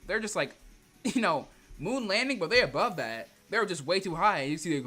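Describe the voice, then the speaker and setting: A man's voice: high-pitched, big pitch swings, moderate pace, bright, forceful tone, faint music behind. A man livestreaming a comic reading, joking in heavy slang and laughing often. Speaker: streamer.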